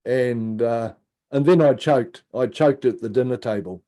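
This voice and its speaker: Unhurried, a middle-aged man recounts a personal story on a podcast. His manner is relaxed yet animated, with acted-out quotes and asides delivered low.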